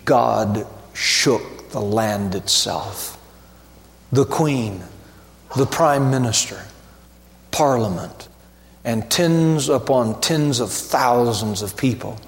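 A man preaching a sermon as pastor, slow and emphatic, building to ringing repeated refrains. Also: mid-range voice, echoey room, long reverb tail.

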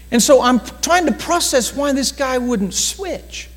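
A male pastor telling a story in a sermon, dramatic, slowing down for emphasis and acting out the voices of others. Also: very high voice, animated, long reverb tail. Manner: dramatic storytelling with slowed emphasis and acted quotes.

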